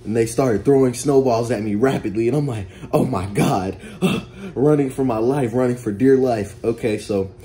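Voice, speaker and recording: A man narrating a story-time vlog in a casual, animated way, often calling out to his viewers. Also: mid-range voice, moderate pace, hardly any pauses. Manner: animated, addresses viewers as guys and y'all. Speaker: storytime vlogger.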